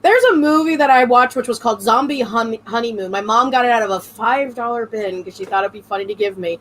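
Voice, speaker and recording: A woman's voice: fairly high pitch, slight background noise, rough recording. A woman co-hosting a casual online chat show over a video call, blunt and joking. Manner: blunt, joking, reads donations aloud. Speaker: co-host.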